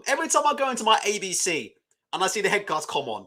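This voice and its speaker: A young man riffs on a live boxing chat, blunt and foul-mouthed, breaking into laughter. His voice sits high and bright, and his pitch swings widely as he talks. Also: big pitch swings, very fast. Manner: blunt, swearing, laughs a lot while ranting. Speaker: boxing channel host. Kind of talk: casual live-stream chat.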